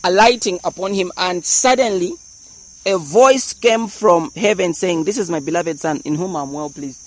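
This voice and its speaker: High-voiced preacher. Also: male voice, moderate pace, low-quality recording. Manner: animated, explains verses with humor and acted-out voices. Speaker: pastor. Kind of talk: sermon.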